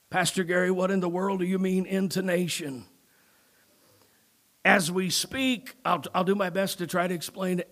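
A man preaching a sermon as pastor, moving from low, quiet talk to loud, shouted emphasis and often repeating his words.

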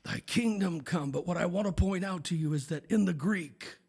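A male pastor preaching a sermon, with a gravelly voice and a rising preaching cadence that builds into shouted climaxes. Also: high voice, moderate pace.

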